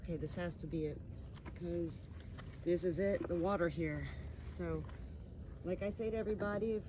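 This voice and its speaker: A woman vlogging as she cleans a gravestone, speaking softly and reverently and addressing the dead directly. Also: lowish voice, normal speed. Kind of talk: casual narration while working. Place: outdoor cemetery. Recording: noisy outdoor audio with passing traffic.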